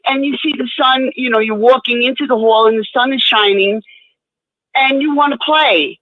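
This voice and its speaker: A woman guest speaking candidly in an interview, plain-spoken and halting, often repeating words as she goes. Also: on the high side, dry recording. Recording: dry, tinny phone-line sound.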